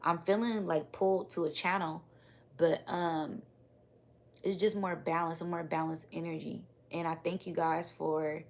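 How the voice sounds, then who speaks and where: A woman hosting a live-streamed spiritual energy reading and chatting with viewers, talking in a calm, relaxed, unhurried way. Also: sits low, gravelly. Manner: calm, relaxed and unhurried, sometimes repeating words. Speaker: spiritual reader and livestream host.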